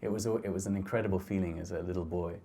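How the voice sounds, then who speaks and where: A middle-aged man giving a reflective talk about his photographs, speaking gently and haltingly with frequent restarts. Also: low voice, steady tone, breathy edge. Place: lecture hall.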